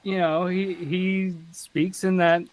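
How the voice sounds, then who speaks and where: A man with a Southern US accent, a podcast guest in casual chat who is animated and laughs often. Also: high voice, slow, highs cut off.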